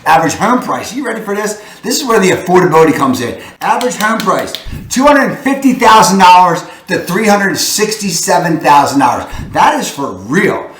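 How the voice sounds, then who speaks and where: A man with a Baltimore accent hosts a real estate video, punchy and full of hype. His voice sits a bit high. It rings in a reverberant room. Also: very animated, normal speed, a bit bright. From Baltimore area, Maryland. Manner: punchy, hypes with catchphrases like "boom". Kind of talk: energetic housing market rundown.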